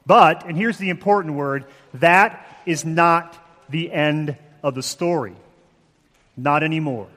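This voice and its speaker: A man preaching a sermon, measured and emphatic, with slow dramatic pauses. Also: a little high, a bit bright, long reverb tail. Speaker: pastor.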